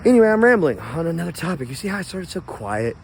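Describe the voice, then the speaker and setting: A man's voice: on the high side, big pitch swings, quick pace, noisy background. A man ranting angrily and profanely into his phone camera while outdoors in his yard, stoned and rambling. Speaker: vlogger.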